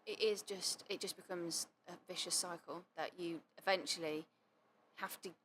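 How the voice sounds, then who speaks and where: A woman's voice: fairly low pitch, steady tone, normal speed, slight background noise. A woman hosting a podcast, asking questions and answering her guest supportively. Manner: gentle, affirming, frequent "yeah". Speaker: podcast host. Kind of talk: interview questions and supportive responses.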